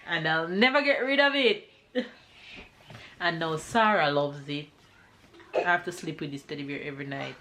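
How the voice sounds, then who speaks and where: Lively Jamaican woman vlogging at home. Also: deep voice, a little hiss or hum. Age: 30s. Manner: chatty, laughs often, playful with her toddler. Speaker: family vlogger. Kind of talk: casual vlog chat to camera. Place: home bedroom.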